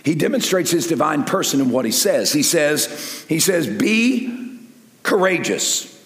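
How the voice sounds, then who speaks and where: An older man preaching a sermon in an animated way, dropping to near-whispers and then rising to loud emphasis. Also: a little high, moderate pace. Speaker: pastor. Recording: echoey hall with long reverb.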